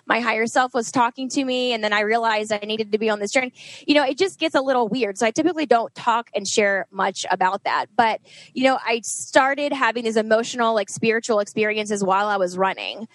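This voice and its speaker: A woman in her forties talks candidly as an interview guest, and her speech keeps circling through "like" fillers. Her voice sits a bit high, and the recording is dry and close with almost no room sound. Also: fairly quick, no room sound, rough recording. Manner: emotional, rambling, many "like" fillers. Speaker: guest, trainer and nutritionist.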